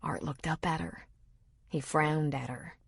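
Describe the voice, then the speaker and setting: Husky, low-voiced audiobook narrator woman. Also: fairly even intonation, measured pace, no room sound, clean studio sound. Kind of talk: scripted narration.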